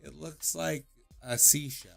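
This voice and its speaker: A man's voice: fairly high pitch, fairly even intonation, a little slow, gravelly, a bit bright, faint music behind. A man hosting a call-in stream, chatting casually in a loose, joking, profane way. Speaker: call-in show host.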